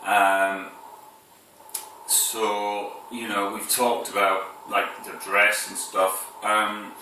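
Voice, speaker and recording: A man's voice: lowish voice, monotone, extremely slow, pushed and bright, heavy reverb, distant mic, slight background noise, rough recording. A man from the north of England with a northern English accent, talking casually to camera in a rambling, hesitant way, full of fillers and restarts, with chuckles between phrases.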